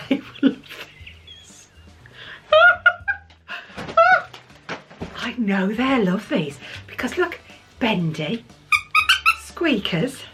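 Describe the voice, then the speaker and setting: An English woman from the UK, a vlogger chatting excitedly while unboxing gifts, gushing and laughing often and cooing playfully at her dogs. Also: on the high side. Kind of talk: casual unboxing chat.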